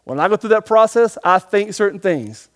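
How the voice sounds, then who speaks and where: A man with a notably high voice preaches a sermon. He swings between emphatic and hushed delivery, slowing down to read scripture word by word. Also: animated. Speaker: pastor.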